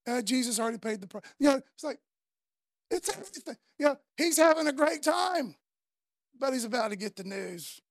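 A woman's voice: high voice, very animated, fairly quick, no room sound. A woman preacher delivering a fervent, conversational sermon full of casual slang.

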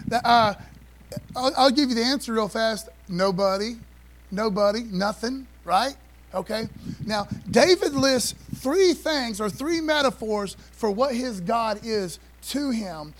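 Folksy high-voiced male preacher. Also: animated, measured pace, fairly bright tone. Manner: folksy, call-and-response preaching with repeated phrases. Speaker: pastor. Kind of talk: sermon. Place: church sanctuary.

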